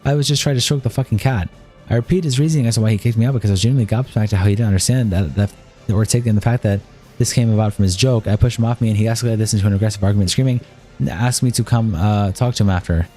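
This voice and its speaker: A man on a live stream, reading a long document of text messages aloud in a rapid, flat run. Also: lowish voice, faint music behind.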